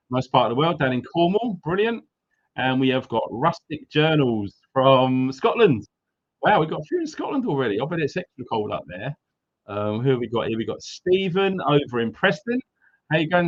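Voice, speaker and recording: A man hosting a casual live stream, upbeat and greeting viewers one by one. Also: mid-range voice. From Wales. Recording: slightly dull lo-fi sound.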